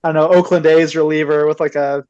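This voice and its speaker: Male podcast guest, fairly high voice, animated, laughs a lot. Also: fast, clean tone, highs cut off. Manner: animated, giggly, heavy use of "like". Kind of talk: casual chat.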